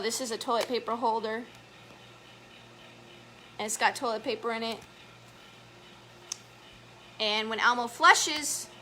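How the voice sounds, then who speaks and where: A woman reading a picture book aloud to children as a story time educator, chatty and gentle, stopping to point at the pictures. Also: fairly high pitch, a little hiss or hum.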